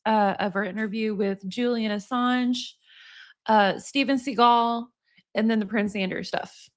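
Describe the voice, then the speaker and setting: Female livestream host, chatty, reads aloud, a touch high-pitched. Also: steady tone, measured pace. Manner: chatty, laughs often, reads passages aloud. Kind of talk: casual livestream chat and reading aloud.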